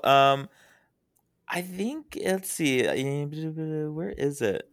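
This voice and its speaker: A man's voice: fairly high pitch, big pitch swings, very slow, fairly bright tone, dry recording, clean studio sound. A young man guesting on a podcast, chatting casually and animatedly, laughing easily. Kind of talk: casual chat.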